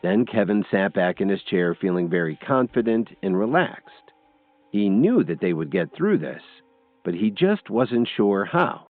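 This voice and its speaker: A man with a very low voice narrates a scripted story with a lively, expressive lilt. The audio is thin and phone-like, bone-dry, with faint music playing underneath. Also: measured pace, no room sound.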